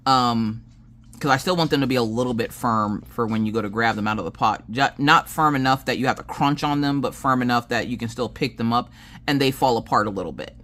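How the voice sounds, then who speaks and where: Chatty Southern mom telling family stories. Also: female voice, a bass voice, fairly quick, a bit bright. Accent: Southern American. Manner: chatty storyteller who acts out family dialogue; swears casually. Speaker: crafting channel host. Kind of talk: casual chat while crafting.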